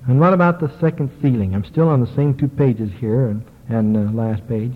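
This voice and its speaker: Man lecturing in a tinny, echoing hall. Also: medium pitch. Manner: slow, measured reading with small hesitations. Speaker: religious lecturer. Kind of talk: lecture reading ancient texts aloud. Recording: tinny lo-fi recording, long hall reverb.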